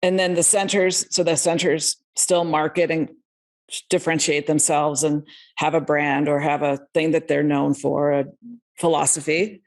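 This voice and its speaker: A woman's voice: sits low, little pitch movement, moderate pace. A woman hosting a podcast interview, upbeat and conversational as she welcomes listeners and asks her guest questions. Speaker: podcast host.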